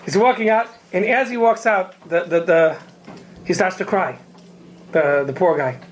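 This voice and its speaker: A woman telling a story to children in a lively way, acting out the people in it. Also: on the low side, moderate pace, a little hiss or hum, low-quality recording. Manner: lively, acts out the characters in the tale.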